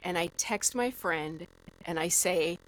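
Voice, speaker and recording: A woman guest on a podcast, telling a story in a lively, animated way with lots of "like" fillers. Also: on the low side, slow pace, rough recording. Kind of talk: casual storytelling.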